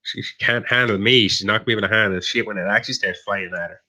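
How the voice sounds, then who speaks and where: Racing along in a lowish, sharp voice, an Irish man teases and rambles on a live online stream panel he co-hosts. His casual banter is heavy with swearing.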